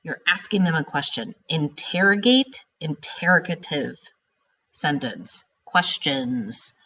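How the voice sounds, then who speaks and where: A woman teaching a recorded grammar lesson to her students, animated and emphatic, stretching out key words as she explains. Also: low-pitched, takes it slowly, breathy edge.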